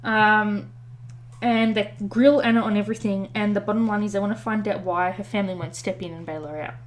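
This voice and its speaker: A woman's voice: mid-range voice, fairly even intonation, fairly quick. A woman co-hosting a podcast, retelling a story in casual chat with many fillers and self-corrections. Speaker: podcast co-host.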